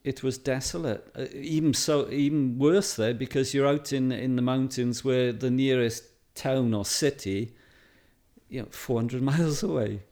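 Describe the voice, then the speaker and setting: A man's voice: medium pitch, unhurried, darkish tone. A middle-aged Welsh man, a photographer, chatting in an interview and telling stories with fillers and frequent laughs. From Wales. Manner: chatty, anecdotal, laughs often, many fillers. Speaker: photographer guest. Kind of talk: casual interview chat.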